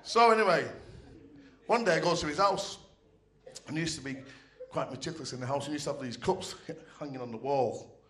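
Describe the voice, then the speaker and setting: This comedian's voice is a little high and bright, moving a bit fast with frequent pauses. He's doing profane, chatty stand-up storytelling into a handheld mic on a club stage, regularly engaging the audience, and the room echoes.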